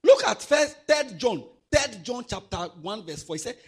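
Man, high husky voice, animated preacher exhorting youth. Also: normal speed, few pauses. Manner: animated, swings from soft asides to loud exhortation. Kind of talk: sermon to young people.

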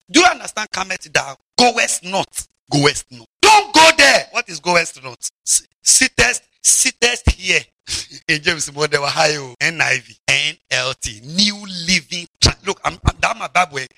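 A man preaching a lively, mocking sermon to children, shouting and drawling words for emphasis. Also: high-pitched, gravelly, dry recording.

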